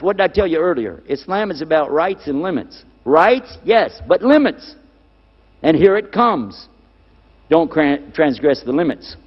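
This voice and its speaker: In a dull, lo-fi recording from an echoing hall, a male lecturer on Islam addresses a live crowd with a fairly high, lively voice at a moderate pace. He fires off rhetorical questions and hammers key words through repetition.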